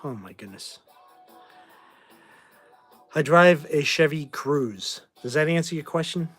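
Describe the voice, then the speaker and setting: Taking it slowly, a man in his forties from Boston hosts a casual livestream with faint music behind him. His voice is a little high, animated and fairly bright, and he answers viewer questions in a rambling, offhand fashion with blunt opinions.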